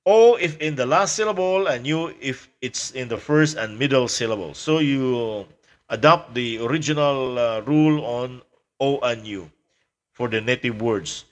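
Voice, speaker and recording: Man, middle pitch, relaxed lecture, hesitant fillers. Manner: explains slowly with fillers, repeats example words. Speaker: language teacher. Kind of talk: casual spoken lecture.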